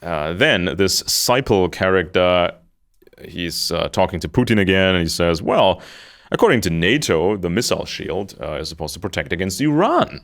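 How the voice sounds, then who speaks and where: Lively low-voiced male commentator. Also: moderate pace. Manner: animated, mocks others in put-on quotes. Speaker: political commentator. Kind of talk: spoken commentary.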